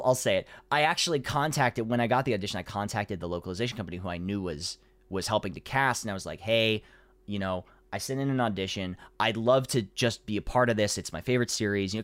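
Lively man telling a story. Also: fairly low pitch, fast, hardly any pauses, dry recording. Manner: animated storyteller, acts out quotes, frequent "you know" fillers. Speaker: voice actor guest. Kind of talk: casual interview chat.

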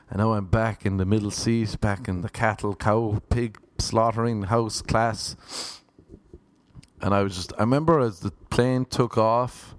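A man's voice: on the low side, no room sound. A man casually telling his viewers a profane, ranting story. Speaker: vlogger.

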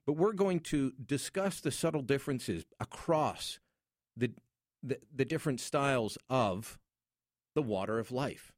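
A man's voice: mid-range voice, animated, measured pace, no room sound, studio quality. A middle-aged Canadian man hosting a radio show, telling a personal story with wry humor in a casual on-air monologue. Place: radio studio.

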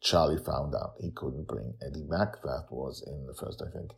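A man hosting and narrating his own fantasy story podcast in an animated, expressive storytelling style. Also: extremely low pitch, moderate pace, vocal fry.

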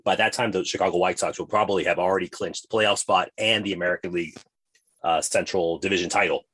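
A man's voice: low voice, fairly even intonation, quick pace, fairly bright tone, husky. A man co-hosting a podcast, chatting casually and rambling from tangent to tangent in a playful way. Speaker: podcast co-host.

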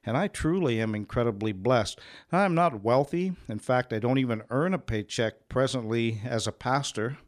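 A man's voice: medium pitch, normal speed. A man, a pastor and radio host, giving an earnest personal testimony with humorous asides in a radio studio.

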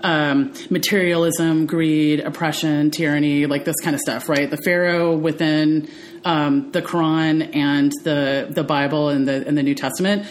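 A woman in casual conversation on a podcast, telling stories in an animated, chatty way with plenty of fillers. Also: low voice, unhurried. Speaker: podcast co-host. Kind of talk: casual chat.

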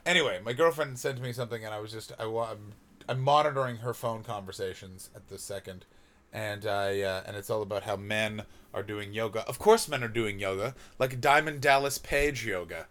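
A man's voice: fairly low pitch, a little fast, fairly bright tone. Profane rambling man, comedy rant. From Canada. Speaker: comedian podcast host.

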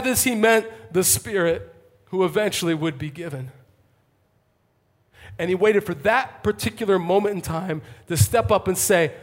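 A male pastor delivering an impassioned sermon to a congregation, swinging from fervent calls to hushed intensity. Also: high-pitched, normal speed. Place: church, before a congregation.

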